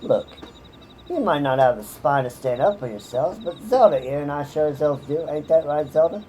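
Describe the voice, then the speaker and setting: A woman voicing a brash, tough warrior woman in a game who scolds loudly and gruffly. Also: sits low, lively intonation, normal speed, a little hiss or hum, poor audio. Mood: scornful.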